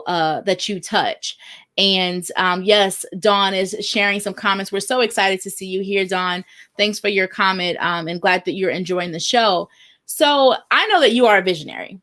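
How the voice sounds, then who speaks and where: A woman hosting a live online show who chats freely and keeps affirming her guest. Her voice sits in a middle pitch, and she stops to greet viewers who leave comments. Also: fairly bright tone. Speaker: host.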